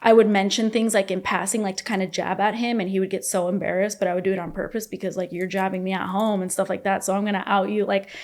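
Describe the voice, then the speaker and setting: A woman in her thirties speaks as a podcast guest, sharing a personal story in candid, unscripted talk. She rambles, circles back on herself and leans on "like" in almost every phrase, at an ordinary pitch for a woman. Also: little pitch movement, fast talker, hardly any pauses, darkish tone. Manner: rambling, fills speech with "like".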